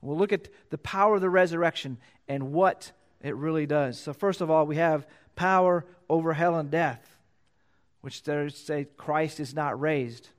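A pastor preaching a sermon, reading scripture aloud and repeating key phrases for emphasis. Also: male voice, normal speed. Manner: reads scripture louder and higher, then drops low to explain.

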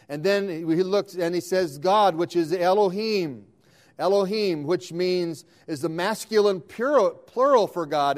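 A high-pitched man preaching a sermon. He reads scripture verse by verse, lifting his voice on each appeal to the Lord, and often stops to restart a word. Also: darkish tone. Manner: earnest, calling out scripture verse by verse with emphatic "O Lord"; restarts and corrects words as he goes.

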